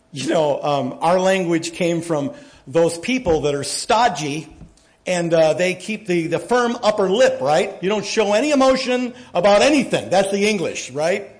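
A man preaching to his congregation in a folksy, joking way, his voice sitting fairly high for a man. He tells stories and gets animated, dropping quiet and then rising loud. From United States. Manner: folksy storytelling, jokes, animated swings in loudness. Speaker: pastor. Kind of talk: sermon.

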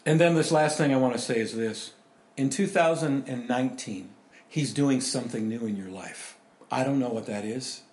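Animated preaching man, echoey room. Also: mid-range voice, moderate pace. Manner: conversational, animated, swings between loud emphasis and hushed asides. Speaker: pastor. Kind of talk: sermon.

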